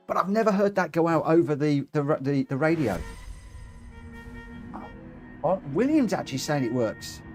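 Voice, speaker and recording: A man's voice: fairly high pitch, a little mellow. A man hosting a live racing game stream, chatting casually and self-mockingly as he reads out chat. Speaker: livestream host running online racing lobbies.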